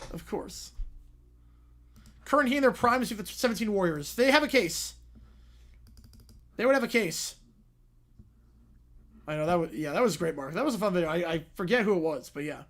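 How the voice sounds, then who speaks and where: A young man hosting a casual livestream, answering viewer questions with quick reactions and frequent "yeah"s. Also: high-pitched, lively intonation, a bit bright. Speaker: livestream host reading chat.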